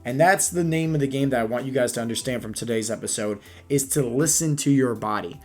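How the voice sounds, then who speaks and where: A man's voice: mid-range voice, fast talker, darkish tone, faint music behind. A man giving a fitness coaching talk as a podcast monologue, emphatic, often checking in with "right?" and "okay?".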